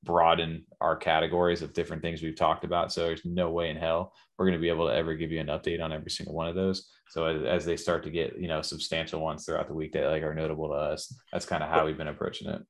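A tired man co-hosts a late-night podcast in a very low, flat voice. His talk is laid-back and slangy, with lots of casual asides to his co-hosts and listeners. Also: fast, few pauses. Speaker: podcast co-host.

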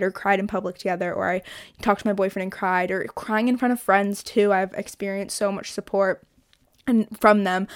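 Young woman, podcast host, chatty and candid, casual swearing, middle pitch, dry close mic. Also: dry recording. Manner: candid, chatty, swears freely, many "like" fillers. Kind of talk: casual solo podcast chat.

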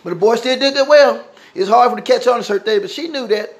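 A man improvising a simple spoken story in a halting, repetitive way, often restarting his sentences. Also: very high voice, slightly rough.

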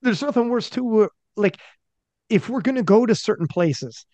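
A man hosting a podcast, talking in an animated way with stumbling restarts and swearing. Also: high voice, moderate pace, dry recording, highs cut off. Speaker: podcast host. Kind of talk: casual podcast chat.

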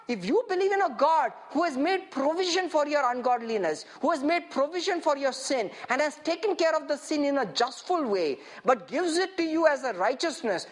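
A man's voice: very high-pitched, fairly bright tone. A man preaching a sermon with emphasis, having his listeners repeat verses after him and asking for agreement after nearly every point. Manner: emphatic, has the congregation repeat lines; reads verses slowly, stressing each phrase.

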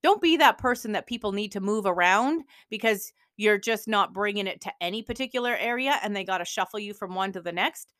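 Woman, podcast host, motivational coach, emphatic, energetic, mid pitch, dry close sound. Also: fairly quick, hardly any pauses, dry recording.

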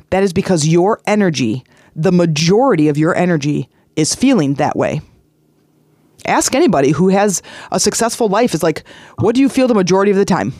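A woman's voice: medium pitch, darkish tone, no room sound, clean studio sound. A middle-aged woman hosting a self-help podcast, talking in an earnest, conversational way that repeats points and slips into sing-song emphasis. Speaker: podcast host.

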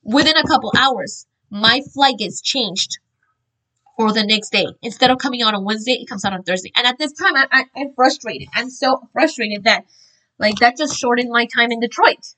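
A woman earnestly sharing a religious testimony, telling her story in an animated, informal way with frequent fillers and restarts. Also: a little high, normal speed, poor audio.

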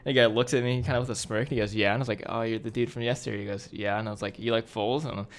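A man's voice: medium pitch, fairly even intonation, racing. A young man co-hosting a podcast, chatting casually and chiming in with short remarks. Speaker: podcast co-host. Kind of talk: casual chat.

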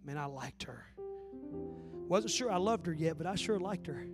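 A man's voice: a little high, lively intonation, normal speed, over music. A man, preaching a sermon in a folksy, joking storytelling way. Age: 40s. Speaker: pastor. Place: church.

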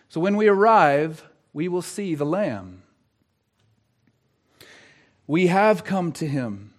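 Earnest preacher man, hushed to emphatic. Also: a little high, lively intonation, slow, pauses often. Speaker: pastor. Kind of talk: sermon.

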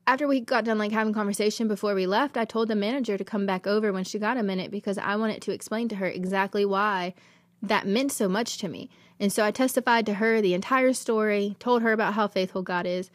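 A woman's voice: medium pitch, steady tone, fast, no echo. Earnest woman telling a story. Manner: earnest, emotional, rambling with many "like"s. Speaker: podcast host. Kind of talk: personal faith testimony storytelling.

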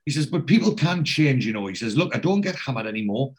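A man hosting a casual podcast, retelling a TV episode scene by scene and quoting the characters' lines, with a steady "he says" between quotes. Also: medium pitch, fast talker. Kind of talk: casual chat recapping a TV episode.

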